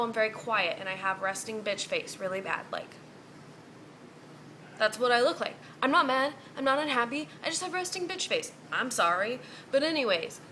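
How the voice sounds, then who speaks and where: A woman's voice: fairly high pitch, pushed and bright, slight background noise. A young woman in a casual vlog, venting bluntly and cursing freely. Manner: blunt, heavy cursing, exasperated. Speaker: vlogger.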